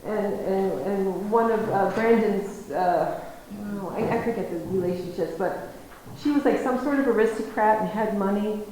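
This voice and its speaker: A woman giving a storytelling lecture, her voice ringing around a very echoey room with a faint hiss of noise underneath. She talks in a lively, animated way, acting out conversations and laughing easily. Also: medium pitch, normal speed, hardly any pauses.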